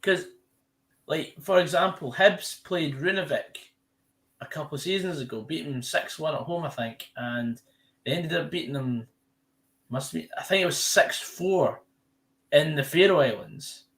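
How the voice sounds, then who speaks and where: Scottish lad, 20s-30s, casual watch-along host; rambling, self-correcting delivery. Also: male voice, fairly high pitch, a little slow, fairly bright tone. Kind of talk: casual live commentary chat.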